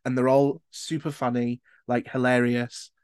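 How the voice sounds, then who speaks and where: A young British man hosts a casual podcast chat, candid and quick to swear. His voice sits at an ordinary pitch, and the recording is dry and close. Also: flat delivery, clean tone, no echo. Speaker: podcast host.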